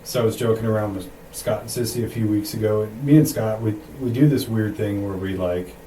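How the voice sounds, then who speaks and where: A man's voice: fairly low pitch, steady tone, a little fast, warm tone, a little hiss or hum. Laid-back man on a roomy distant mic. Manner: laughing, profane, jokey. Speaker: podcast co-host. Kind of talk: casual chat.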